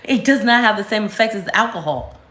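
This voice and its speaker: A candid woman speaks to camera in a casual storytime vlog, her voice echoing around the room. She talks fairly quickly in a mid-range voice, slangy and animated, and climbs sharply in pitch whenever she vents.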